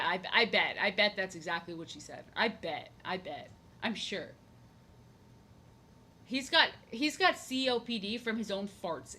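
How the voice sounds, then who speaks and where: A woman's voice: mid-range voice, sharp tone, a little hiss or hum. A young woman chatting casually on her drawing stream, rambling, goofy and repeating herself. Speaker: art streamer.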